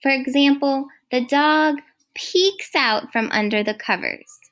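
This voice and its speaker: A woman teaching a recorded first grade phonics lesson, speaking clearly and praising often. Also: high voice, a bit bright. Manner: slow, clear, encouraging teacher talk.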